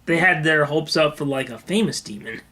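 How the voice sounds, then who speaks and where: A man's voice: on the high side, lively intonation, fairly quick, bright, forceful tone. A young man co-hosting a comedy advice podcast, making dry, teasing jokes and laughing often. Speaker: podcast co-host. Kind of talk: casual comedic chat.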